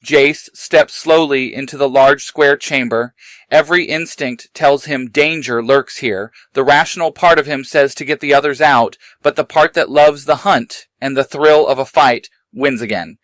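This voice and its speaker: A man's voice: a bit bright, dry recording. Male storyteller reading fanfiction, mid-range voice, dry close-miked sound. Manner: reads brisk narration and lightly varies pitch for characters' dialogue. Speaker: fanfiction reader.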